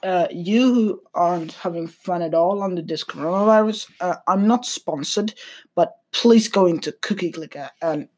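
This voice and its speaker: A young man rambling casually at his computer, hesitant, with dry deadpan humor. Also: sits high, normal speed. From Sweden. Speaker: vlogger. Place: at a computer desk. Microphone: computer mic.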